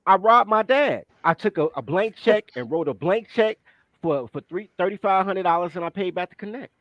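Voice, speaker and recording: A man telling a long personal story in casual podcast chat, animated and profane, acting out the people he quotes. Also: high voice, moderate pace, no room sound, highs cut off.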